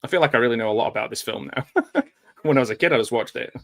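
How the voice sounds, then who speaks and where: A man's voice: mid-range voice, expressive, fast talker, no room sound. A man giving a casual, joking live commentary over a film, chatty and wry with plenty of fillers. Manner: chatty and wry, with dry jokes and frequent fillers.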